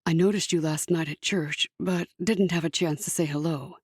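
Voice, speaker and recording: A woman voicing a gentle widowed man with a slight accent, speaking in a concerned, warm, low way. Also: steady tone, normal speed, slightly rough, no echo, clean studio sound. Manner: anxious turning warm and low.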